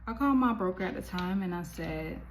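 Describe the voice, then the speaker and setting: Young woman vlogging a storytime, kinda low voice but swings all over, chatty and animated, faint hiss behind. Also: brisk, low-quality recording. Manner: animated, chatty, full of fillers. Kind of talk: casual storytime.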